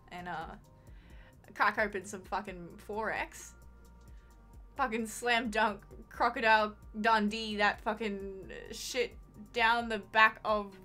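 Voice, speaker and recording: A woman's voice: mid-range voice, sharp tone. A woman doing a crude broad Aussie bloke. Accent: broad Australian. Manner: rough, swaggering, crude slang.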